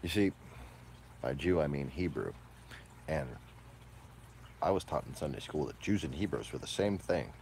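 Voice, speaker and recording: A man delivering a profane, combative ranting monologue, moving between low mutters and loud outbursts. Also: expressive, normal speed, long pauses, a little hiss or hum.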